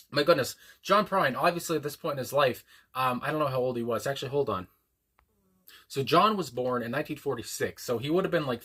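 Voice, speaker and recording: A man's voice: mid-range voice, sharp tone. A man hosting a music reaction video, talking in a casual, meandering way with frequent ums and restarts. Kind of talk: casual rambling commentary.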